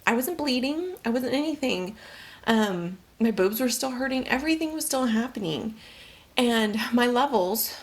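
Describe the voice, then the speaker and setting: A young woman talks straight to camera in a slightly high voice. She tells her own story candidly and emotionally, and she rambles with fillers and restarts. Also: expressive, normal speed. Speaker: vlogger.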